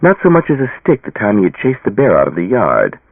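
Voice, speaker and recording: Expressive male audiobook narrator, phone-thin. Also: on the low side, a little fast, no room sound, narrow, tinny audio. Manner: dramatic, expressive reading. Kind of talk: scripted narration.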